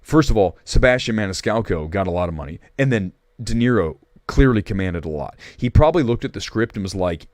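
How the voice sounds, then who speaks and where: A man's voice: on the low side, expressive, fast talker, hardly any pauses, darkish tone, no echo, studio quality. A man hosting a casual livestream movie chat, opinionated and rambling, with restarts and asides. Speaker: movie talk show host.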